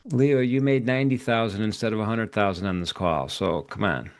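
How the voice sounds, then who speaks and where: A man's voice: fairly low pitch, brisk. A man hosting a live trading stream, chatting casually and joking with guests, with many filler words. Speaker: host of a live trading show. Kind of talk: casual livestream sign-off chat.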